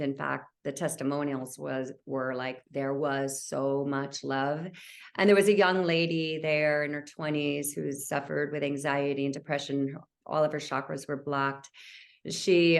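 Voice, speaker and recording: Gentle low-voiced woman healer. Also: vocal fry. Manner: gentle, heartfelt, spiritual talk. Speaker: podcast guest, Reiki healer. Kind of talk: conversational podcast interview.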